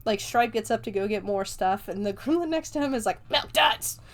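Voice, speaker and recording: A woman's voice: medium pitch, animated, brisk, a little mellow. A young woman hosting a podcast, chattily recapping a movie with lots of fillers and casual swearing. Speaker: podcast host.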